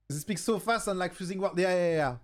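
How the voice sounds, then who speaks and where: Streamer, man, southern French accent, native French speaker, slightly high voice, halting casual English, faint music behind. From southern France. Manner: halting English, searching for words. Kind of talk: casual chat.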